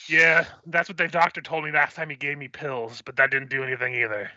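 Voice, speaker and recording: A man putting on a gruff old goblin janitor. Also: on the high side, flat delivery, a little fast, bright, forceful tone, no room sound, muffled recording. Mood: grumbling. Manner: gruff, grumbling, swears. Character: gruff aging goblin head custodian, crotchety.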